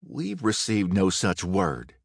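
A man's voice: low-pitched, sing-song, slow pace, creaky, husky, dry recording, heavily acted. A man voicing a blunt Confederate colonel who barks orders at his raiders with a dry drawl. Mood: commanding.

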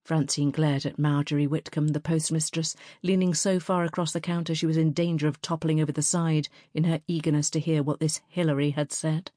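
A woman narrates an audiobook in a measured, even storytelling manner, her voice sitting low. The studio recording is clean, with no room sound.

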